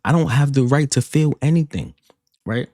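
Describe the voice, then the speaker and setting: A man's voice: medium pitch, moderate pace, darkish tone, no room sound, studio quality. A man hosting a reaction video, arguing emphatically and restarting his sentences as he makes his point. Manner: emphatic, repeats himself and restarts while arguing. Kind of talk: commenting on a played podcast clip.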